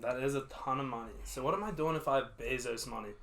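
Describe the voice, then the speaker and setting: A young man with a mid-range voice chats on a casual podcast. He tells stories in a relaxed, dry manner. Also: mid-range voice, fast, a little hiss or hum. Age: young adult. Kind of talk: casual chat.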